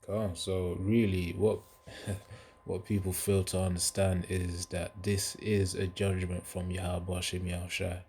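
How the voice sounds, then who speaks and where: A man's voice: low voice, flat delivery, unhurried, a little mellow, husky. A man giving casual religious commentary in a loose, rambling way, full of filler asides.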